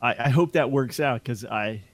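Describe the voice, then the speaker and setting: A man's voice: medium pitch, normal speed. A man in radio chatting casually and enthusiastically, often stumbling over repeated words as he starts sentences. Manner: enthusiastic, stammering restarts. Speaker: radio presenter. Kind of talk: casual chat.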